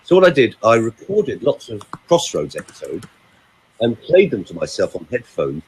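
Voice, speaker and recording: A man's voice: fairly low pitch, wildly swooping pitch, moderate pace, a little mellow, slightly rough, poor audio. An older man, a vocal coach and voiceover actor from the United Kingdom, chatting casually and theatrically through anecdotes. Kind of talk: casual chat.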